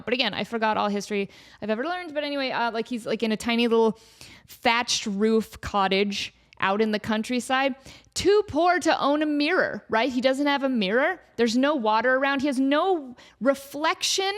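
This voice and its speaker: A woman hosting a comedic solo podcast, telling a rambling, animated story with lots of fillers. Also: fairly high pitch, normal speed. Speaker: podcast host.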